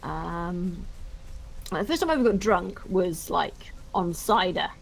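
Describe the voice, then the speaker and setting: A woman's voice: medium pitch, very animated, normal speed, vocal fry, a little hiss or hum. A young woman chatting bluntly and joking with lots of swearing while playing a game with a friend. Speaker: gaming streamer. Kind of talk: casual gaming chat.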